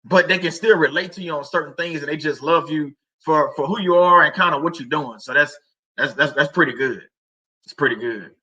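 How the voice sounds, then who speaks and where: A middle-aged man talks about faith in a loose, rambling way, full of fillers and restarts. His voice is slightly high and very bright. The audio is a little dull and lo-fi. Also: a little fast. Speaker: livestream host. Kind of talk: casual faith talk.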